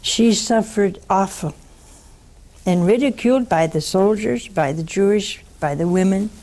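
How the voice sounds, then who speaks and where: A woman's voice: mid-range voice, warm tone. An older woman hosting a religious call-in show, blunt and fervent, answering callers. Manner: slow, blunt and fervent, calls callers honey.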